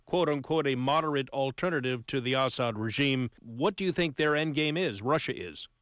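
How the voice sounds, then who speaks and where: A man's voice: medium pitch, moderate pace, fairly bright tone, dry recording. Dry male news interviewer. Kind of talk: scripted news questions.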